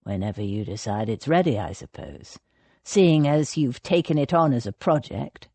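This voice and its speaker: A guarded young naval officer, low and brusque, speaking in short clipped lines, as a woman narrator puts him on. The tone is dark and husky, and the sound is close and dry. It is an audiobook read slowly. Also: very animated, no room sound, exaggerated voice. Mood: curt.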